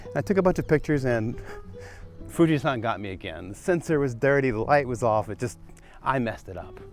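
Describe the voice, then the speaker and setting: In this walking vlog, an American man with a mid-range voice talks fairly quickly while exploring rural streets and tea fields outdoors. His narration is relaxed and musing, aimed at the camera, over background music.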